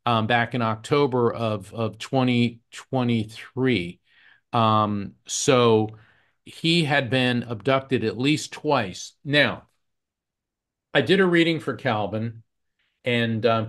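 A man's voice: mid-range voice, a bit bright. A man who works as a psychic medium, telling earnest anecdotes as a podcast guest. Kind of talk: podcast storytelling.

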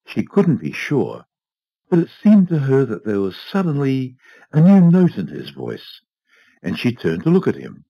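A man narrating a short story aloud in a measured, expressive reading. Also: medium pitch, gravelly, no echo, muffled recording. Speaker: reader. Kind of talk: audiobook narration.

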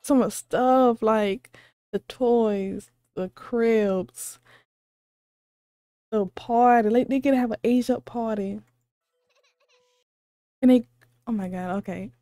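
A woman hosting a reaction video, gushing with excited, squealing exclamations and repeating herself, a little sleepy because it is late at night. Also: on the high side, takes it slowly, long pauses, dry recording, clean studio sound. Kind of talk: excited casual reaction commentary.

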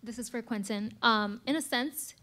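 A woman's voice: on the high side, normal speed, pushed and bright. A woman reporter introducing herself and asking a prepared question at a press conference.

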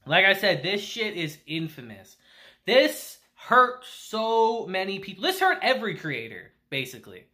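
A woman's voice: medium pitch, big pitch swings, measured pace, pushed and bright. A woman casually recapping an anime episode, laughing often and using slang and profanity. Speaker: anime reviewer.

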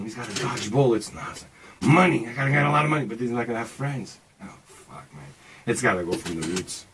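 A man's voice: fairly high pitch, a bit bright, slight background noise, low-quality recording. A man in his forties in a casual, rambling monologue, swearing often and talking emphatically as he philosophizes, calling the listener "man". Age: 40s. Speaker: speaker sharing personal views.

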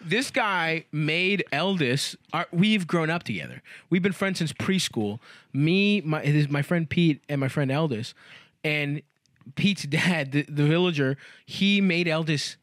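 A man's voice: fairly high pitch, unhurried, fairly bright tone, no room sound, clean studio sound. A man co-hosting a comedy podcast, telling rambling anecdotes in casual chat and laughing often. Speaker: podcast co-host.

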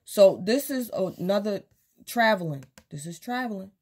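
A woman's voice: medium pitch, expressive, normal speed, a little mellow. A woman casually giving a tarot reading, speaking straight to the viewer and acting out quotes from imagined people. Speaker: tarot reader.

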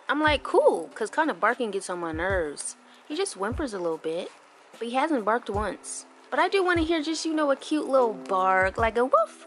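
A young woman vlogging casually to her viewers, chatty and informal, just woken up. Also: fairly bright tone. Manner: chatty, switches to high baby talk for her puppy. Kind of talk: casual vlog chat.

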